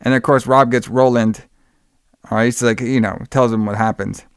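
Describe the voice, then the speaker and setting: A man's voice: mid-range voice, fairly even intonation, normal speed, clean tone, no room sound, studio quality. A man casually recapping a movie plot, rambling with many fillers and acting out the characters' lines in a raised voice. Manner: rambling, lots of fillers, acts out quotes in a raised voice. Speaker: podcast host recapping a movie. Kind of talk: casual chat.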